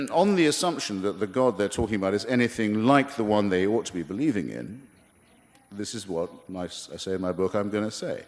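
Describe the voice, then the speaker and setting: A man speaking at a debate, measured and dryly ironic. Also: on the low side, expressive, in a large hall. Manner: measured, reads his lines with dry irony.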